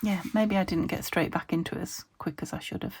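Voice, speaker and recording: A woman's voice: lowish voice, a little fast, husky. A woman from the UK chatting casually to camera as she makes a craft, meandering and talking to herself as she works. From United Kingdom. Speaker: crafting video host.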